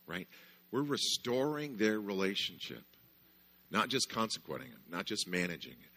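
Lively, raspy-voiced man preaching. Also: fairly low pitch, normal speed. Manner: animated storytelling, rhetorical questions to the audience. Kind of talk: sermon.

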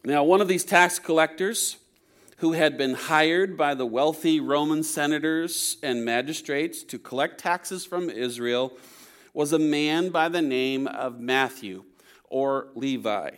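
Man preaching with a higher-pitched voice. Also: a little slow, fairly bright tone. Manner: conversational, with asides and checks of "okay?"; playful humor. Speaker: pastor. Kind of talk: sermon to a congregation.

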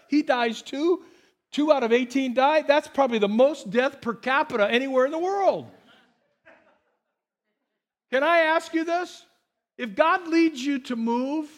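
High-voiced animated male preacher. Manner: animated storytelling with quoted dialogue, shifting from excited to hushed. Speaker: pastor. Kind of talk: sermon.

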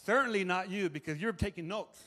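A male pastor preaching a sermon to a live congregation, emphatic and animated, often repeating words as he builds a point. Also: high-pitched, a little fast. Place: church hall with audience. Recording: long reverb of a large hall.

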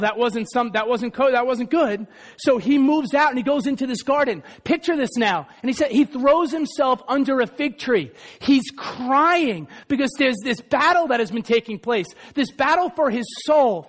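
A male pastor preaching a passionate sermon, rising to shouts for emphasis while reading from an old text. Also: extremely high pitch.

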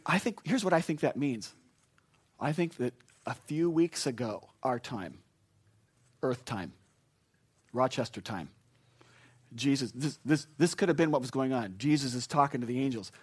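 Male pastor at a funeral, mid-range voice, animated storytelling that swells into excitement. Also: medium pitch, moderate pace, long pauses, breathy edge. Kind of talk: funeral sermon.

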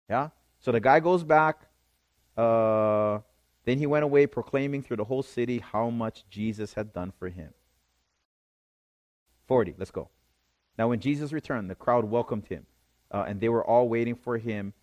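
A man's voice: mid-range voice, normal speed, pauses often, a little mellow, no room sound. A man preaching a sermon, reading scripture aloud and explaining it, often checking in with his listeners. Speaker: pastor.

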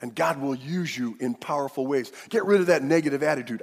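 A man's voice: medium pitch, fairly quick. A man pastor preaching an emphatic sermon, leading the congregation in call-and-response. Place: large church hall. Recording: reverberant church hall.

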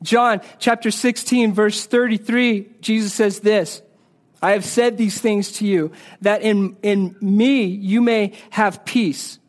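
Male pastor, high voice, earnest sermon delivery with quiet, low emphasis. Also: fairly even intonation, slow. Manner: earnest, repeats words, drops soft and low on key phrases.

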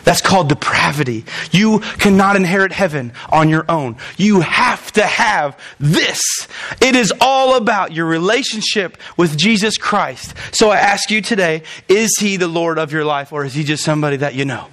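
A man's voice: normal speed, a bit bright. A man preaching a sermon as a pastor and closing in prayer, speaking straight to his congregation in an earnest, direct way. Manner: earnest, direct address to the congregation, voice climbing high when emphatic. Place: church.

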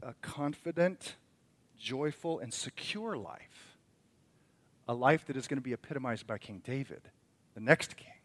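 Middle-aged pastor preaching a storytelling sermon. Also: male voice, medium pitch. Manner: storytelling, rising from quiet reflection to emphatic preaching.

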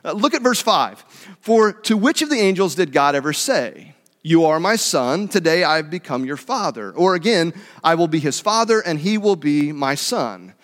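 A man's voice: on the high side, very animated, normal speed, a bit bright, big-room sound. A man preaching a Bible study in a conversational teaching manner, with fillers and self-corrections. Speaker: pastor.

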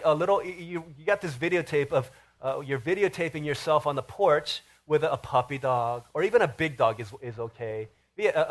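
A man preaching a sermon as pastor, telling stories in an animated, emphatic way. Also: a little high. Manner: animated storytelling with rising emphasis.

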